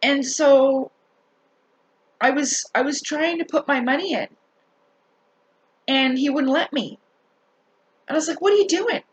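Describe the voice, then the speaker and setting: A woman telling a story in a casual rant to her viewers, animated, swearing and laughing as she talks. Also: high voice, slow, pauses often, rough recording. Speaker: vlogger.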